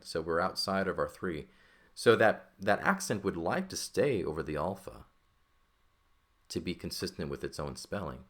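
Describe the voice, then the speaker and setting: Very deep-voiced man teaching a lesson. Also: fairly bright tone. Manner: explains step by step, often checking with "right?" and "okay?". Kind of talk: recorded language lesson.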